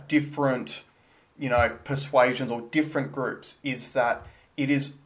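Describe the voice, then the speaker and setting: A man co-hosting a casual podcast chat, earnest and blunt, pressing with questions. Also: mid-range voice. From Australia. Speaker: podcast co-host.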